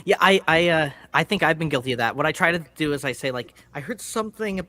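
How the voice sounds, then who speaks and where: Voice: mid-range voice, quick pace, bright, forceful tone. A musician guest on a video call, chatting in a rambling, self-deprecating way. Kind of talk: casual chat.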